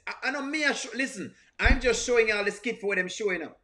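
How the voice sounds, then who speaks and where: Bright, high-voiced man with a strong accent, lively stream host reacting to skits and reading chat. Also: quick pace. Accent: strong non-standard English accent. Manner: animated, repeats himself, greets chat. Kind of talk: live-stream reaction commentary.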